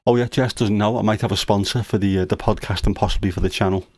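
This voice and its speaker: A middle-aged man hosts a relaxed livestream from home, cracking dad jokes and ribbing his kid. His voice sits low and sounds close and dry, with no room echo. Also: fast talker, slightly rough. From United Kingdom. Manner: teasing, jokey dad humor. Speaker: livestream host. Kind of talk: casual livestream chat.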